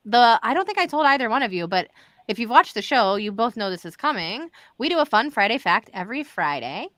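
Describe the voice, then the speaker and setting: A woman's voice: fairly high pitch, big pitch swings, brisk, fairly bright tone, dry recording. A woman hosting a live stream in casual, chatty talk, addressing viewers directly. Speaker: live show host. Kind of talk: casual livestream chat.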